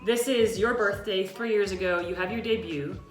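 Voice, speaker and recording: A woman's voice: medium pitch, normal speed, reverberant, faint music behind. A Canadian woman co-hosting a casual live-stream chat, talking in a chatty way with many fillers. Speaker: co-host.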